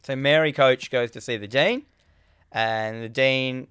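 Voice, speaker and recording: A man casually recapping a film with a co-host, acting out characters' lines in quick animated bursts. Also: mid-range voice, clean tone, no room sound, clean studio sound. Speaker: podcast co-host.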